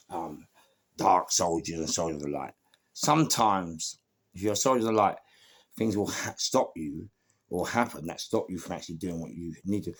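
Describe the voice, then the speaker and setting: A low, gravelly London man spins a crime story in a loose, casual monologue, acting out the voices of people in it. His voice is slightly husky and he swears freely as he talks. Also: fairly bright tone. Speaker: storyteller recounting crime stories.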